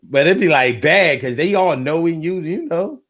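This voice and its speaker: The streamer's voice is a little high, and he talks at an ordinary speed. Chatting casually, he spins slangy, animated stories, repeats his lines, and reads out what viewers comment.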